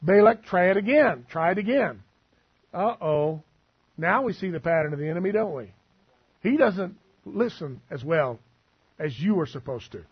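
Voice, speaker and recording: A man's voice: high voice, lively intonation, unhurried, husky, dull audio. A male preacher giving a sermon in a conversational, teasing way, asking the room questions.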